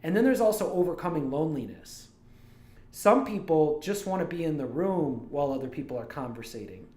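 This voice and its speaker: A man from Toledo, Ohio, a streamer and animator, chats casually on his livestream and rambles off into digressions as he drifts from one story to the next. His voice sits a little high, with lively intonation, a fairly quick pace, and a warm tone. The recording has a roomy echo.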